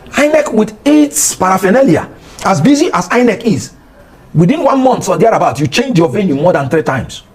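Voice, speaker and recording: A middle-aged Nigerian man speaking with an accent as a guest on a political talk show, passionate and rising toward shouting. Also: fairly high pitch. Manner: impassioned, rising to near shouting.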